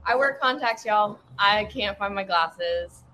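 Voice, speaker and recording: A woman's voice: mid-range voice, measured pace, sharp tone, slight background noise. Wry woman co-host. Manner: wry, chiming in with her side of the story. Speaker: podcast co-host. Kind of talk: casual storytelling chat.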